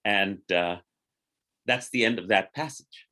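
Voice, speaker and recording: A man's voice: on the low side, unhurried. Rabbi, middle-aged man, storytelling teacher; conversational, acts out the characters. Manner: animated storyteller, acting out quotes in lively voices. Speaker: rabbi teaching a Torah class. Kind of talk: informal Torah teaching.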